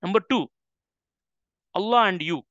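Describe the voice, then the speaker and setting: At a measured pace, a man with a high, fairly bright voice teaches an interactive religious class as an Islamic teacher. He's emphatic and often checks with listeners by saying "right?" The recording has no room sound and a dull, dry lo-fi quality.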